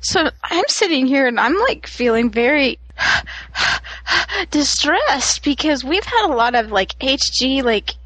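A woman co-hosting a casual podcast, excitedly telling a story and acting out quotes. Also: sits high, slow pace, no echo. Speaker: podcast co-host.

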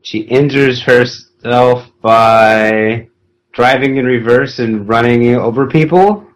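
A man's voice: mid-range voice, slow pace, rough recording. A man co-hosting a podcast, joking in casual chat. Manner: jokey, mock-smooth. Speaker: podcast co-host.

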